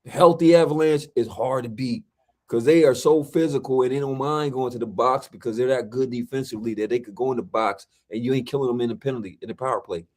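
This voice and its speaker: A man's voice: mid-range voice, fairly even intonation, fast talker. Emphatic slangy man, podcast co-host. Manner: emphatic, repeats himself, slangy. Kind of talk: casual sports and movie chat.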